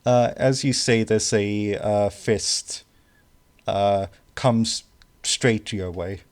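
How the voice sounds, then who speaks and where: A man narrating a tabletop game as game master, halting and full of fillers. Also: fairly low pitch.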